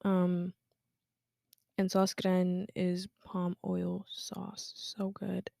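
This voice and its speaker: A woman's voice: on the low side, monotone, drawn-out words, gravelly, warm tone, no echo, clean studio sound. A teenage woman from Guinea hosting a casual personal podcast, chatty and full of fillers, dropping to a whisper at times. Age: teens. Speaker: podcast host.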